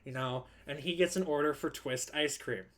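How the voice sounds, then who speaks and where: Speaking at normal speed in a voice on the high side, a young streamer casually recounts a lengthy story from work. He animates it by voicing each person he quotes.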